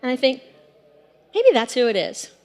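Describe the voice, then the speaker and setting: A woman's voice: high-pitched, normal speed. Chatty woman telling a story on stage. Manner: chatty, animated, lots of fillers. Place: stage in a hall. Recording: long hall reverb.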